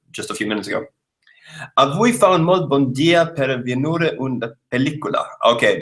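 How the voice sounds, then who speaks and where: In a rough, reverberant recording, a Swedish man in his thirties from Malmö hosts a livestream and reads viewer comments aloud in a southern Swedish accent. His mid-range voice sounds pushed and bright. Chatty and laughing, he fills the gaps with many uhs as he thinks out loud.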